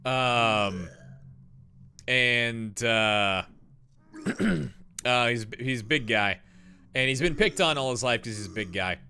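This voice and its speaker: A man's voice: medium pitch, slow, long pauses, sharp tone. A young man streaming a game live, rambling through lore commentary with lots of fillers and jokey asides.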